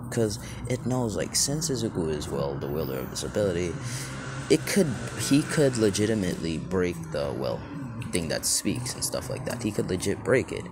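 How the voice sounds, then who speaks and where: Low-voiced young man rambling through a fan story. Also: very noisy. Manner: rambling, full of fillers and self-corrections. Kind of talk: casual improvised fan-fiction narration.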